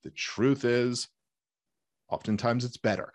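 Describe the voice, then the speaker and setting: A man's voice: medium pitch, measured pace, no room sound. Emphatic man hosting a casual chat. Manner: conversational, emphatic, rambling asides. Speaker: podcast host.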